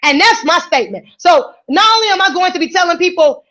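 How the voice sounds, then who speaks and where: A woman hosting a radio show, giving energetic, playful motivational talk to her listeners. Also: very high-pitched, quick pace. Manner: energetic, playful, preachy and encouraging.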